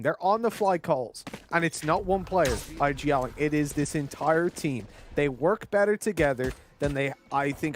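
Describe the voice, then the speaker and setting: A man's voice: fairly high pitch, slight background noise. A man with an Irish accent, commentating an esports match in a chatty, joking way with frequent laughs. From Ireland. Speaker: esports caster.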